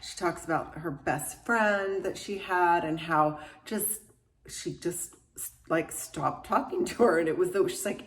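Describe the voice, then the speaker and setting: A woman's voice: lowish voice, a little slow. A woman in her fifties with a Southern American accent, chatting and gushing about a book, laughing often. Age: 50s. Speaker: book reviewer. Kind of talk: casual chat.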